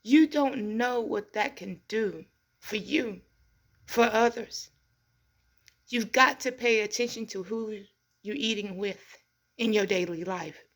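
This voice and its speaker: A woman's voice: medium pitch, slow pace. A middle-aged woman hosting a community show, giving an earnest, heartfelt motivational talk in a preacherly way. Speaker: host. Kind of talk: inspirational monologue.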